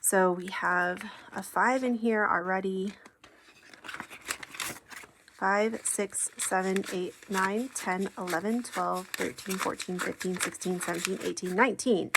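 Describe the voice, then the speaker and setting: A woman talks at an unhurried pace, counting bills out loud in a chatty, upbeat way. A faint hiss of background noise sits under her voice. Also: medium pitch, fairly even intonation, gravelly. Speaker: savings challenge creator. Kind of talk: casual chat while counting cash.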